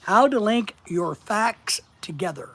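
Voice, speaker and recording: A man's voice: high voice, expressive, unhurried, fairly bright tone. Man, live stream host, casual teaching talk, repeats words for emphasis, greets viewers by name.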